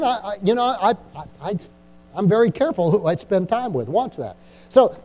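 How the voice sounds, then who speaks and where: A middle-aged man with a high voice preaches to his church congregation. His tone is mellow and dark rather than bright. He exhorts, repeats key lines and keeps checking in with calls for agreement. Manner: repetitive, exhorting, frequent "Amen?" and "Come on". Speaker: pastor. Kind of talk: sermon.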